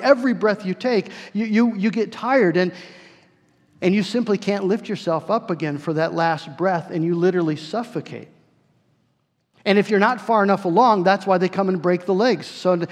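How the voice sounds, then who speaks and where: A man with a fairly high voice preaches a sermon to his congregation. He talks earnestly, stretching out key phrases and doubling words as he goes. The sound rings with a long reverb, like a large sanctuary. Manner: earnest, slows and swells for emphasis, repeats words. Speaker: pastor.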